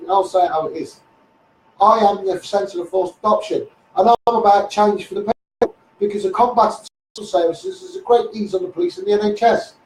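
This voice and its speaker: On a live stream, a self-styled campaigner with a Scouse accent rants heatedly, repeating himself and constantly saying "mate" and "you know what I mean." His voice is high and darkish in tone. He is far from the mic in an echoey room.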